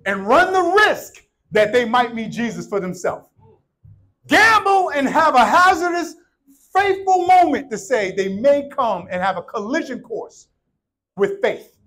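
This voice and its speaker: Male church preacher, thirties, bright high voice, jokes and shouts. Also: a little slow, poor audio. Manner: animated, joking, swings from shouting to hushed. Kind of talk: sermon.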